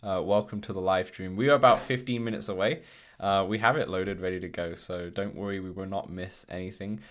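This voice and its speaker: A man's voice: low-pitched, fairly even intonation, a little fast, a bit bright. A man hosting a casual VR podcast livestream, rambling with frequent ums and restarts. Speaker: podcast host.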